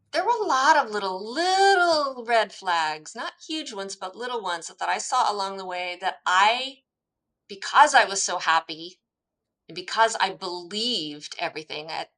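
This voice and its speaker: An American woman, a guest, tells a personal story in casual conversation, animatedly acting out quoted dialogue and laughing at herself. Her voice is lowish and the recording quality is low.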